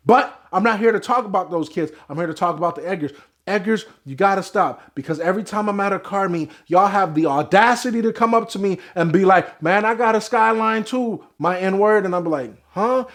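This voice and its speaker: A young man giving a loud, brash, profane comedic rant to camera. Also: sits high, fairly quick. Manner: loud, brash and profane, with sudden swings in volume. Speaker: vlogger.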